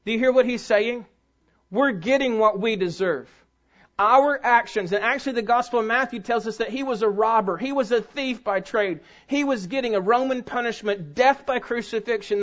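A man's voice: very high voice, a bit bright, muffled recording. A man, the pastor of the church, preaching a sermon with emphatic rises and drops in force.

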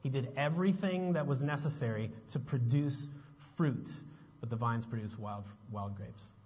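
A man preaching a sermon as a pastor, moving between relaxed chat and pointed, emphatic questions. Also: mid-range voice, moderate pace, husky. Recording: muffled sound with long reverb.

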